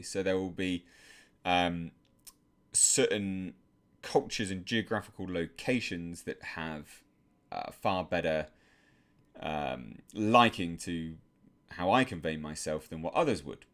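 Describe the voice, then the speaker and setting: A man with an English accent hosting a live stream, reading chat questions and answering in a measured, soft-spoken way with many fillers. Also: low-pitched.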